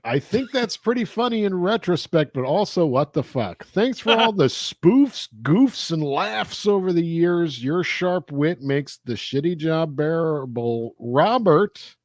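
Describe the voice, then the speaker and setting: Podcast guy reading a fan letter, bouncy pitch, kinda deadpan, dry room. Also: a little slow, few pauses, no echo. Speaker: podcast co-host. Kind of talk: reading a listener letter aloud.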